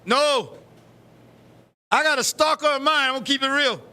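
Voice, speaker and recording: A middle-aged man hosting a live talk show, telling stories in a loud, profane, animated way. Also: very high-pitched, moderate pace. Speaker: show host. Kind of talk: live casual chat.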